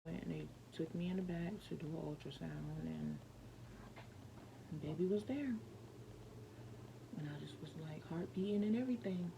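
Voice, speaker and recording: A woman vlogger tells a personal story in a loose, rambling way, full of fillers and restarts. Her voice sits low and has a gravelly edge. Steady noise hums clearly behind her. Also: moderate pace, long pauses. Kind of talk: casual storytelling.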